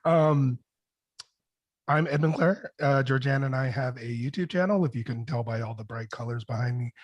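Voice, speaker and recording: A man speaks as a music producer on a panel, telling stories in a loose, rambling way full of restarts. His voice sits in a middle pitch. The sound is dry and close, as on a video call. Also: moderate pace, no room sound, dull audio. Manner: rambling, animated anecdotes with many restarts. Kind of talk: casual panel storytelling. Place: home studio with bright colors behind.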